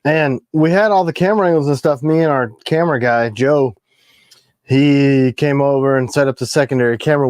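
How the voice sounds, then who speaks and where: A man with a gravelly voice and a drawl hosts a relaxed livestream from a room at home. He jokes and talks in big pitch swings at an average register, and the sound is dry and close. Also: no room sound. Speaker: knife maker hosting a livestream. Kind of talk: casual livestream chat.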